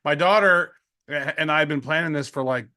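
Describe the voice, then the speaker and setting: A middle-aged man co-hosting a podcast, telling stories in an excitable, slangy way and laughing often. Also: on the high side, fairly quick. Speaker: podcast co-host. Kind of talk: casual podcast chat.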